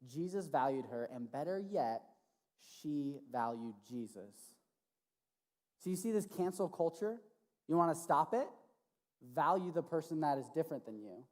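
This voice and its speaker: A man preaching as a youth pastor to teenagers, casual and animated, often checking in with "right?". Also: fairly high pitch, a little slow. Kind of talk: sermon to teenagers. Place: church hall. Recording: long reverb of a large hall.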